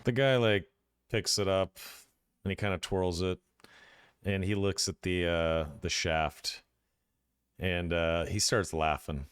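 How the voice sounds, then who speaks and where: Man, game master, deep smooth voice, dry close sound, hesitant with fillers. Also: fairly even intonation, takes it slowly, pauses often, no echo. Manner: hesitant, many fillers and restarts. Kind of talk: narrating a tabletop game.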